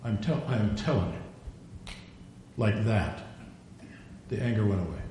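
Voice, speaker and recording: Older male preacher, very echoey room. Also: measured pace. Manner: digressive storyteller, acts out quotes. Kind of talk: sermon. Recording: very echoey room, faint rumble.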